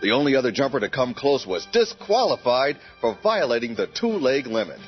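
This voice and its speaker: Tv news guy played by a man, lively up-and-down voice, dull lo-fi sound. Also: medium pitch, brisk, natural voice. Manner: smooth, bright newsreader delivery. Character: genial male news anchor. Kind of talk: spoof newscast. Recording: dull lo-fi with faint music.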